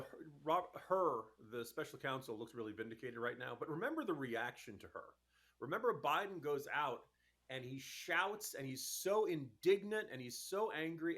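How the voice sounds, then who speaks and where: Exasperated, fast-arguing man, fairly high voice. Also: fairly bright tone. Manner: fast, exasperated, emphatic argument. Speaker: political commentator guest. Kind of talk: talk radio interview.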